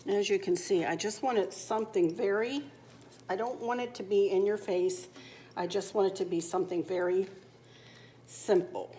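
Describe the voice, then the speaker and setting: A woman's voice: medium pitch, moderate pace, mellow, slight background noise. Chatty woman decorating at home. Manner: chatty and homey, laughing easily. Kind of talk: casual crafting tutorial chat. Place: home kitchen.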